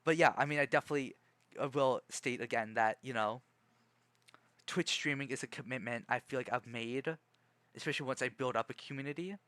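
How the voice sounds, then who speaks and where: A young man streaming and chatting casually, rambling in a calm, measured way with many restarts and fillers. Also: medium pitch, no echo. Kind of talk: casual livestream chat.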